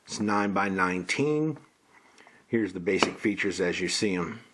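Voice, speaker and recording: A man's voice: deep voice, animated, unhurried, background noise. A man casually walking through an unboxing, listing parts in a plain, matter-of-fact way. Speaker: gun reviewer.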